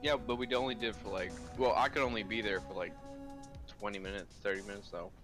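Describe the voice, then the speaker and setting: A man's voice: fairly low pitch, steady tone, fast, music in the background. A man co-streaming a game, chatting casually with wry, joking asides. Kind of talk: casual let's-play chat.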